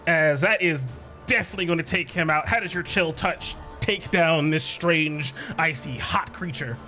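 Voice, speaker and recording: A man narrating a tabletop game as game master, describing monsters with halting fillers. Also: on the high side, sharp tone, faint music behind.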